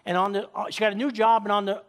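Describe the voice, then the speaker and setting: High-voiced preaching man. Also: flat delivery, fast talker. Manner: emphatic, leads congregation in call-and-response; tells jokes as stories. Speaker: pastor. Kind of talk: sermon.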